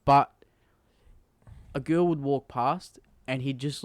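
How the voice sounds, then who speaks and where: A man's voice: medium pitch, steady tone, slow, pauses often, darkish tone, no echo. An Australian man hosting a podcast, telling stories in crude, joking casual chat. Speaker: podcast host.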